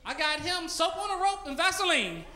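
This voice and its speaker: A man's voice: very high voice, big pitch swings, moderate pace, a little hiss or hum. A man doing a stand-up comedy set on a club stage, brash and teasing the audience, on a handheld mic. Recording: roomy club with loud crowd.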